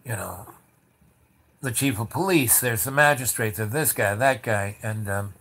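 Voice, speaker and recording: A man telling a long anecdote in a loose, rambling way, with many fillers and restarts and lively bits where he acts out the people in it. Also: on the low side, measured pace. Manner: animated, acts out the voices of people in the story. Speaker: storyteller. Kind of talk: casual spoken anecdote.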